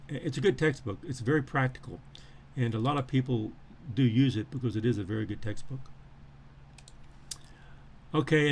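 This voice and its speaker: A male professor going over his syllabus on a live stream, with a voice that sits at an ordinary middle pitch. He rambles, restarts sentences, fills gaps with "uh" and "um", and repeats the same phrases for emphasis. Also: darkish tone. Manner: rambling with frequent fillers and restarts. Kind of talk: live-streamed lecture walking through a syllabus.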